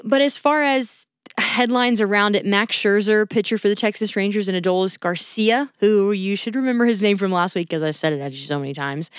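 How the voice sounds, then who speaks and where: A woman hosts a casual solo sports roundup, chatty and upbeat, her voice rising and dipping as she moves from topic to topic. She sits at a mid pitch, close and dry in a small studio. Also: clean tone, no echo. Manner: chatty, upbeat, lively ups and downs. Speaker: sports podcast host. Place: recording studio.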